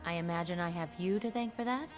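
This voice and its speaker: A woman's voice: lowish voice, fast, close to an everyday voice. An actress playing a female commander hero in a video game, giving dry, composed replies. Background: game music.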